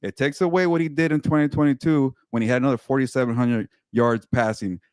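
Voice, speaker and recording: A man who reports on sports, talking casually on a podcast in a blunt, animated way with mild swearing. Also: medium pitch, fast talker, clean tone, no room sound, studio quality.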